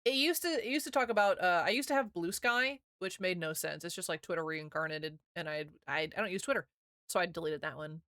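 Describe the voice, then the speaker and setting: A woman in her thirties streaming, chatting casually with viewers, giggling often and talking quickly. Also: lowish voice, fairly bright tone, no room sound, clean studio sound.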